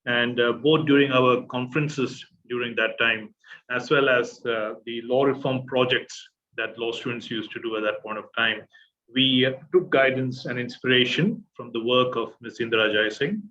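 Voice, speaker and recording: A man's voice: mid-range voice, normal speed, pushed and bright, muffled recording, slight background noise. A middle-aged man giving a formal introduction of a guest speaker, hesitant and full of filler sounds.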